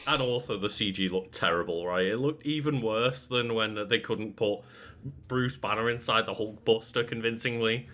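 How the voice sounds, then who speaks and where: A man's voice: fairly low pitch, moderate pace, fairly bright tone. A man co-hosting a podcast, chatting casually and wryly with frequent laughter. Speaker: podcast co-host. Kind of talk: casual chat.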